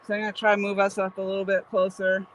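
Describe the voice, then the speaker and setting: A woman's voice: medium pitch, monotone, quick pace, slight background noise. A woman hosting a fishing livestream from a riverbank, chatting with viewers by name and laughing easily. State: out of breath. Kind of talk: casual live chat with viewers. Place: outdoors by a river.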